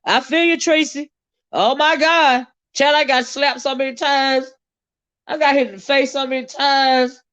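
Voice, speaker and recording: A Southern woman hosts a casual livestream, talking straight to her viewers. She is sassy, laughs often and draws out her exclamations. Her voice sits a little high, and the recording sounds dry and a bit muffled. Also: steady tone, a little slow, fairly bright tone, no room sound. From American South. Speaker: livestream host reading viewer comments. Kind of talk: casual chat.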